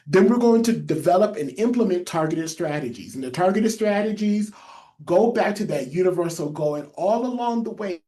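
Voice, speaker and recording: A man with a lisp presents a training webinar in a mellow, warm tone. He leans on key phrases and says them twice so listeners can note them down. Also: high-pitched, lively intonation, normal speed. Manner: emphatic, repeats key phrases for note-takers. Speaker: public health trainer.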